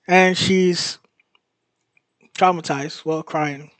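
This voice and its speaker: High-voiced man recapping an episode. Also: a little slow, no echo. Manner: excited storytelling, laughs and gasps in disbelief. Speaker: host.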